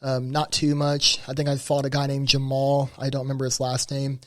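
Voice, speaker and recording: A man from Missouri, a fighter guest on a podcast, recounting stories in a relaxed way with fillers. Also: medium pitch, fairly quick, dry recording, studio quality. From Missouri, USA. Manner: relaxed anecdotal telling with fillers. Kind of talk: casual interview chat.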